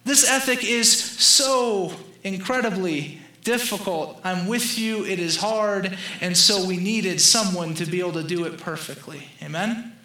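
A man's voice: high voice, unhurried, pushed and bright, roomy sound, low-quality recording. A young man preaching a sermon in a conversational style, joking with the congregation. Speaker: pastor.

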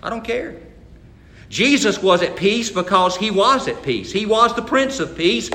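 Bright-voiced preacher in an echoey room. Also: male voice, fairly high pitch. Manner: folksy, stammers into restarts, acts out bible characters loudly. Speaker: pastor. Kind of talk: sermon.

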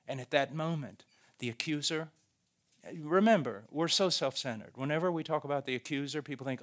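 A man's voice: medium pitch, moderate pace, pauses often, a bit bright. A man preaching a sermon, earnest and emphatic, repeating key phrases.

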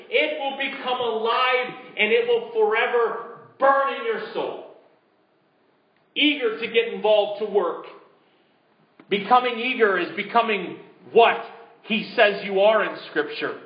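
Man preaching, high voice, emphatic build-ups, echoey church, dull recording. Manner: drops to a hushed voice leading a congregation. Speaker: pastor. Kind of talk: sermon. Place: church sanctuary.

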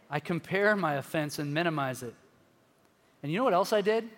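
High-voiced pastor in a reverberant hall. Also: male voice, a little fast. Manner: animated, self-deprecating storytelling. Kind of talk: sermon with a personal story.

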